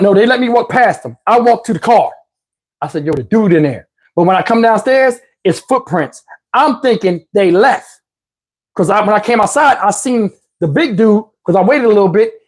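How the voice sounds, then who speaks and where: A man with a husky, slightly rough voice spins a casual personal story straight to his audience. His delivery is loose, streetwise and peppered with profanity, like talking to friends. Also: high-pitched. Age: adult, looking back on his youth. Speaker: channel host telling a personal story.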